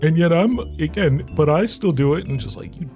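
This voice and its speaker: A man's voice: on the high side, expressive, fairly quick, mellow, soft background music, pitched above the performer's own voice. A man putting on the voice of a whiny young male online sports fan, complaining in a mocking parody.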